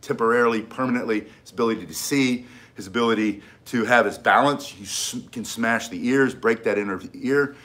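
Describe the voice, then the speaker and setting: A man's voice: medium pitch, brisk, fairly bright tone. Emphatic middle-aged man teaching self-defense. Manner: emphatic, repeats key points, restarts sentences. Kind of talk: casual instructional talk.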